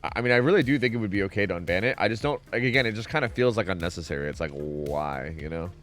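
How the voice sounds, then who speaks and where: A young man streaming a game, talking casually and swearing often. His pitch swings widely from low mutters to high yelps, and faint music plays behind him. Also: expressive, rapid-fire. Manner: profane, rambling, reacts loudly to chat. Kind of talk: casual gaming stream chat.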